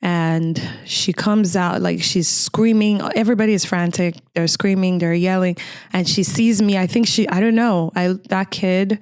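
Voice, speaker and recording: A woman's voice: lowish voice, fairly even intonation, moderate pace, darkish tone, clean tone, no room sound, clean studio sound. A middle-aged woman from Cameroon, a podcast guest earnestly recounting a frightening personal memory in conversation.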